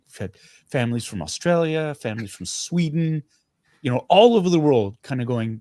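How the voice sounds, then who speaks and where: A middle-aged man from Canada, a guest actor speaking in a casual interview, earnest and animated, often restarting his sentences. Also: fairly high pitch, brisk, no room sound.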